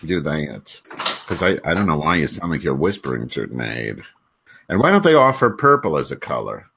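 A deep-voiced man chats casually over a call as a podcast co-host. His pitch swings widely as he bickers and tosses out crude teasing. He is testing a desk mic. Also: sing-song, moderate pace, creaky, fairly bright tone, a little hiss or hum. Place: workplace room with a fan.

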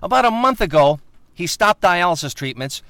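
A man delivering a mock news report as a correspondent, with a clipped, bright delivery. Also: high voice, sing-song, normal speed, clear, resonant tone, no echo, heavily acted.

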